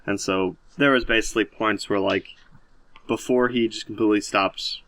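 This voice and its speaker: A man's voice: fairly low pitch, fairly even intonation, moderate pace, a bit bright. A young man co-hosting a podcast, talking reflectively and hesitantly with many fillers. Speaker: podcast co-host. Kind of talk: casual chat.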